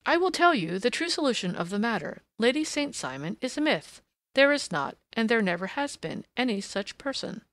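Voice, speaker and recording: Lady reading a dry teasing detective guy, drawly, kinda gravelly, dead dry sound. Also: on the high side, big pitch swings, normal speed, a bit bright, no echo. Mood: cool. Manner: ironic, drawling. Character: sharp-witted male detective, dry and teasing. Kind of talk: audiobook character reading.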